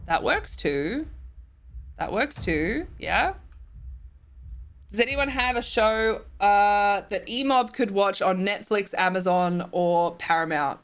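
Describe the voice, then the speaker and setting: A woman's voice: mid-range voice, slow, fairly bright tone. A young woman streamer chatting casually as she reads and answers viewer messages, often giggling.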